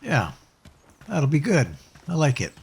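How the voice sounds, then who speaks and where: A man's voice: on the high side, wildly swooping pitch, a little slow, creaky, a little mellow, husky. A man casually commenting as he plays a game, musing aloud with hesitant restarts. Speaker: let's play host.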